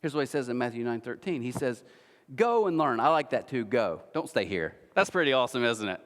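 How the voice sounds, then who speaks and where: A man preaching a sermon, telling a story with lively quoted voices and frequent restarts. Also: mid-range voice, quick pace, long reverb tail. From United States. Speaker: pastor. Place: church auditorium.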